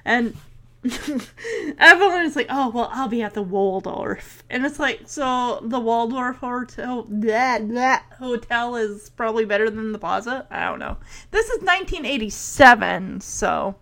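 A woman's voice: on the high side, very animated, a little slow, fairly bright tone. A woman chatting casually as she recaps a show, giggling often and playfully voicing the characters' lines.

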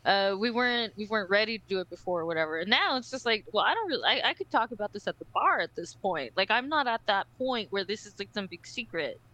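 Bright-voiced woman telling a story, lots of "like". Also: medium pitch, quick pace, few pauses, highs cut off. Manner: animated storytelling with frequent "like" and "right?"; swears casually. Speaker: podcast co-host. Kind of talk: casual podcast chat.

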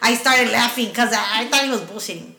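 A woman's voice: on the high side, fairly quick, sharp tone, a little hiss or hum. A woman casually telling a story in a profane, laughing way, slipping in Spanish phrases. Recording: roomy echo.

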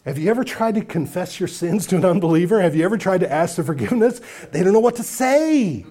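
A man's voice: sits high, expressive, fast talker, warm tone. A man preaching a sermon as pastor, talking earnestly and with emphasis, stacking up lists and putting questions straight to his congregation.

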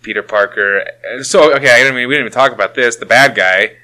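A man in casual chat reviewing a film, animated and swearing freely. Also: mid-range voice, fairly quick, low-quality recording.

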